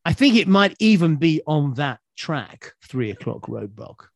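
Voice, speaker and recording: Playful man with a lively, bouncy voice. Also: fairly high pitch, unhurried, gravelly, dry recording. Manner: playful, breaks into humming and song. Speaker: singer and guest. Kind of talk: casual chat on a video call. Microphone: video call.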